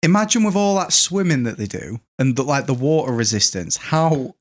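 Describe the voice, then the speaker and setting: A man's voice: medium pitch, expressive. A man co-hosting a podcast, wry and playing along in crude casual banter. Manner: wry, quick to laugh, plays along. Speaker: podcast co-host.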